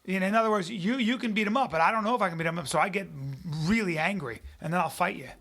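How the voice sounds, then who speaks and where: Man, 40s, high bright voice, gravelly edge, lively and rambling. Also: racing. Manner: rambling, repeats himself, chuckles. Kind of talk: casual chat.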